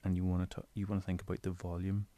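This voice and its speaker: A man in his bedroom giving casual spoken tips on voice recording, explaining in a relaxed, rambling way. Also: sits low, racing, no room sound. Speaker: audio creator giving tips. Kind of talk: casual instructional talk.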